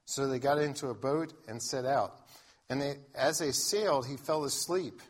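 A man's voice: mid-range voice, normal speed, slightly rough. A man pastor giving a sermon in a conversational way, reading scripture aloud and often restarting his sentences. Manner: conversational preaching with frequent restarts.

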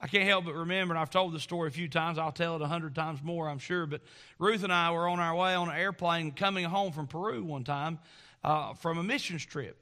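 A middle-aged man preaching a sermon, telling a folksy story in an animated way. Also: a little high, fairly quick. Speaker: pastor.

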